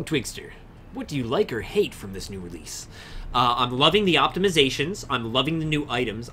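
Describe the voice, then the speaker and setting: Lively, bright-voiced young man streaming. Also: mid-range voice, a little hiss or hum. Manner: chatty, swearing, reading chat aloud and answering. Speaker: game streamer. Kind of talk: casual livestream chat with viewers. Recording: faint music behind the voice.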